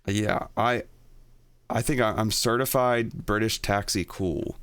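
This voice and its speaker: A man's voice: on the low side, steady tone, slow, fairly bright tone, smooth, no room sound. A man from Tennessee with an American accent, telling a rambling story while distracted by the game he is playing. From Tennessee, USA. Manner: rambling, distracted by gameplay, many fillers. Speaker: streamer. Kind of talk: casual storytelling while gaming. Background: game music.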